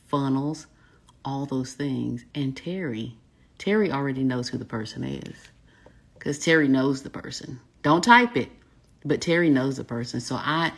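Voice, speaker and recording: A woman with a Southern accent, a business coach chatting casually with live viewers in a smooth, folksy way, saying y'all a lot. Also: rumbling low. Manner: folksy, says y'all often, smooth delivery.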